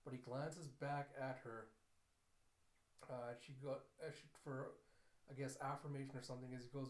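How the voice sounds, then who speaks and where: A man recapping and reacting to an anime episode, telling the story in an animated, storytelling way. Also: medium pitch, normal speed. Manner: animated storytelling, laughs at cute moments. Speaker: anime reviewer. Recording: echoey room.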